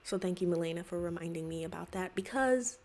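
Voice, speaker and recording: A woman's voice: fairly low pitch, fast, darkish tone, a little hiss or hum. Exasperated sarcastic woman reacting to a clip. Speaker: reaction video host.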